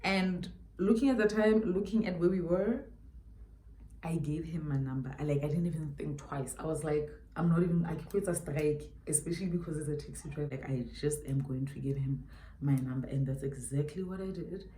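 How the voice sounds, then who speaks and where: A South African woman with a low, mellow voice tells a story to the camera while doing her makeup. She talks in an emphatic, chatty way and repeats key lines for weight. The recording has the echo of a bare room at home. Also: a little fast, a little hiss or hum. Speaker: beauty YouTuber.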